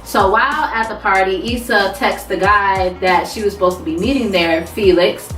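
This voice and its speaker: A woman recapping a TV episode in a casual, profane, animated vlog, talking back to the characters. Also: medium pitch, moderate pace, recorded from a distance, soft background music. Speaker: TV recap vlogger. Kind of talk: casual recap with quoted voices. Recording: roomy sound, away from mic.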